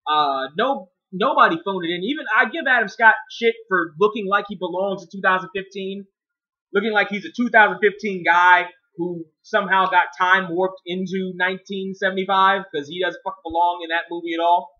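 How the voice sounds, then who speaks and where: A man talks through a film review in a casual, rambling way, swearing freely and circling back on his own sentences. His voice sits high and sounds edgy and bright. The audio is dull and lo-fi. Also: fairly even intonation, fairly quick. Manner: profane, rambling, with many restarts. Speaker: movie reviewer.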